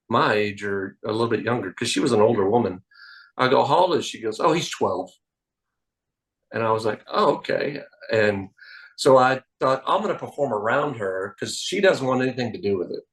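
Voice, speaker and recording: A man, a magician guest telling animated anecdotes on a podcast. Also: mid-range voice, poor audio. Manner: animated anecdotes, acts out quoted voices. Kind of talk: casual interview storytelling. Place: podcast studio.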